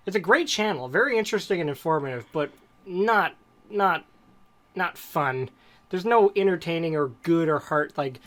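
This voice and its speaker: Give me a man with a somewhat high voice rambling through a casual podcast chat. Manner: rambling, digressive storytelling. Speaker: podcast co-host.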